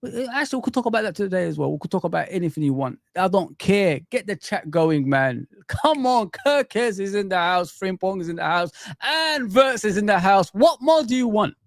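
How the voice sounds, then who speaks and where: A young man with a rather high voice hosts a live fan stream, talking in excited, exclamatory bursts and repeating himself for emphasis. The sound is dry and close, with no room around it. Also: fairly quick, gravelly, no room sound.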